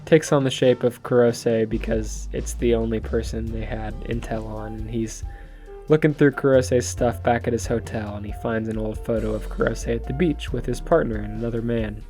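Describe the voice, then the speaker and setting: A man's voice: medium pitch, steady tone, normal speed, warm tone, soft background music. A man casually retelling a comic story, chatty and loose, laughing and swearing as he goes. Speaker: manga reviewer.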